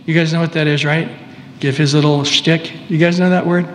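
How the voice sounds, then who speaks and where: A male preacher giving a conversational sermon, pausing, restarting and tossing asides to the congregation. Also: a little high, flat delivery, big-room sound, a little hiss or hum.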